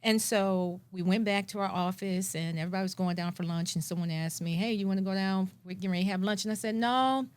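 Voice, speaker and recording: Woman guest, animated storyteller, mid-pitched, dry close sound. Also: quick pace, hardly any pauses, clean tone, no echo. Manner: animated, acts out her own past thoughts. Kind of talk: personal storytelling.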